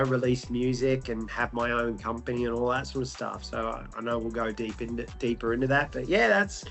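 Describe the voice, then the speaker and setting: A man's voice: mid-range voice, fairly bright tone. A young man with an Australian accent, telling his story as a guest in an interview, joking often and filling with ums and restarts. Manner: jokey, many ums and restarts.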